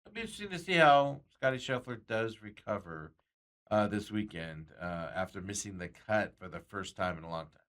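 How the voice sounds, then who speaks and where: A man's voice: on the low side, lively intonation, fairly quick, a bit bright. Rambling, chuckling male sports talk host. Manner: rambling, chuckles often, reads out viewer comments. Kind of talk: casual sports betting chat.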